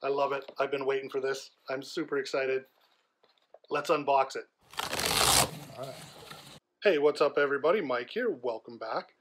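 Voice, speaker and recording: A man vlogging an unboxing, chatty and excited, describing gear as he handles it. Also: moderate pace, long pauses, slight background noise. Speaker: tech vlogger. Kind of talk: enthusiastic unboxing vlog. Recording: low-quality video audio.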